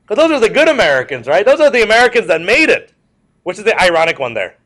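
Male history teacher, classroom lecture, high voice, lively swooping delivery, repeats points, jokey asides. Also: quick pace. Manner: repetitive, animated, joking asides to students.

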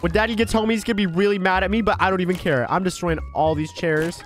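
A man voicing a bratty, excitable one-year-old baby boy in a gameplay role-play, whiny and vengeful when upset. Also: high voice, quick pace, soft background music, lightly acted. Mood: annoyed.

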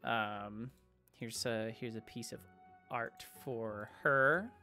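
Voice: medium pitch, takes it slowly, bright, forceful tone, soft background music. A game master narrating a tabletop game in a rambling way, with many fillers and restarts.

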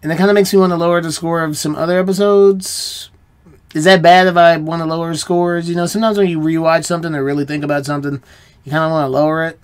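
Chatty, higher-voiced American man musing aloud. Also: fairly even intonation, quick pace, clear, resonant tone. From United States. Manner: musing, rambling, self-questioning. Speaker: reaction channel host. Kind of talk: casual solo review chat.

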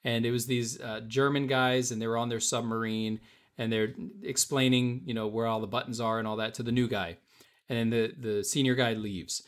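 A man's voice: mid-range voice, flat delivery, moderate pace, clean tone. A man hosting a casual live-stream auction, calling out bids and chatting with viewers in an upbeat way. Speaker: auction host.

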